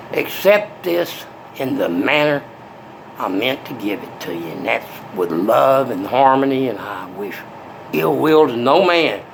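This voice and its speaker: Older guy rambling to camera, gravelly voice, pitch jumps all over, soft one sec then menacing. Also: a little hiss or hum, low-quality recording. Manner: volatile, swinging from soft to menacing.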